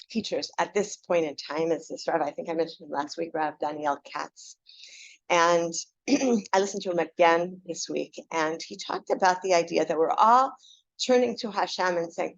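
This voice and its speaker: A woman giving a casual class, talking in a chatty way with many fillers and restarts. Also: on the low side. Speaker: Torah teacher. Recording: dull lo-fi classroom recording.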